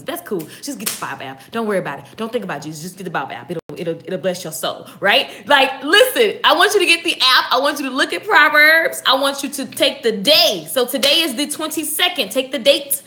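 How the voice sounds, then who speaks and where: A woman hosting a casual inspirational live stream, energetic and chatty, greeting viewers by name. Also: on the high side, a little fast, few pauses.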